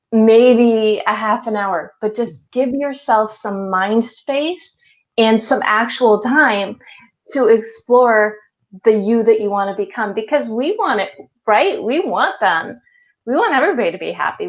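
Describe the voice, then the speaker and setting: A woman's voice: on the high side, lo-fi sound. A woman hosting a live online interview, upbeat and encouraging, laughing easily as she wraps up the show. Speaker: host.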